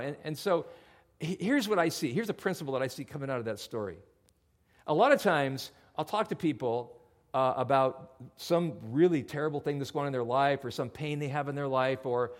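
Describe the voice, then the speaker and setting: A man preaching a sermon as pastor, in an animated, conversational storytelling way. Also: mid-range voice.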